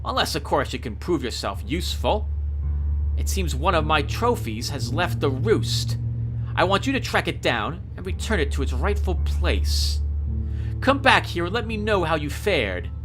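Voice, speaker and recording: A boastful ghost of a big-game hunter, as a man puts him on mid-playthrough. He speaks in an affected put-on accent, his voice lifted high and swinging widely in pitch. He threatens theatrically but never quite seriously. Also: sing-song, moderate pace, music in the background. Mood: menacing. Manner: theatrical, mock-threatening then jovial.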